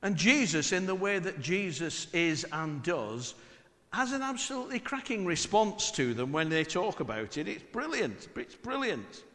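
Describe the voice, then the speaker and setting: A man's voice: high-pitched, sing-song, normal speed, a bit bright, big-room sound. A middle-aged man from northwest England with a northwest English accent, preaching a chatty, humorous sermon full of rhetorical questions.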